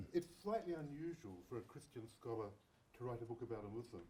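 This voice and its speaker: A man moderating a public conversation, speaking haltingly with fillers and repeated words. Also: medium pitch, expressive, mellow, slight background noise, poor audio.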